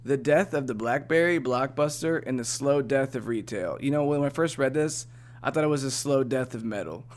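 A man's voice: medium pitch, normal speed. A young man co-hosting a podcast in casual chat, easygoing and chatty as he moves through the segments. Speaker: podcast co-host.

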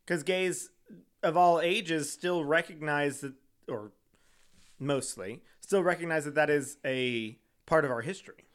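A fairly high-voiced man co-hosting a podcast, chatting casually and loosely. He giggles often and slips into little acted-out quotes. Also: a little slow, a bit bright, clean tone. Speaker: podcast co-host. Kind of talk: casual chat.

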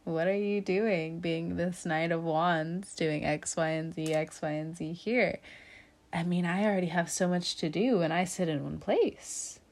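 A woman's voice: fairly low pitch, measured pace, a little mellow. Chatty woman giving a tarot reading. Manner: chatty, laughs often, calls the listener fam and homie. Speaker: tarot reader. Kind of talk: casual tarot reading to camera.

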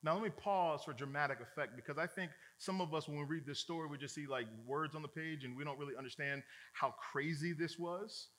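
A male pastor preaching a sermon in a joking, colloquial, energetic way. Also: a little high, fairly quick, few pauses.

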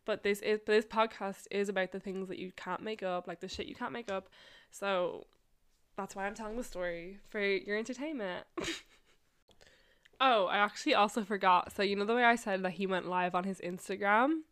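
Speaking at a normal speed with a medium pitch, this podcast host, a woman in her twenties, has a slightly bright, clean tone. She swears, laughs a lot, and sprinkles "like" throughout as she casually recounts personal stories.

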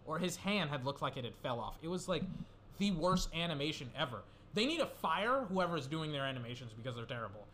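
A man's voice: fairly high pitch, very animated, fairly quick, a bit bright, slight background noise. A young man rambling through casual solo commentary, swearing and getting worked up as he goes. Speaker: gaming commentator.

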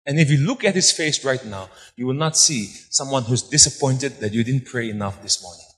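A man preaching a sermon. He repeats words for emphasis and swings between hushed and loud delivery. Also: medium pitch, animated, a little fast. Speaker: pastor. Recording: long hall reverb.

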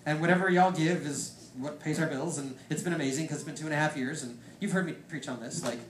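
A man with a voice on the high side talks fast as he preaches a personal testimony, rambling as a storyteller and leaning heavily on the filler "like." The recording has a roomy echo.

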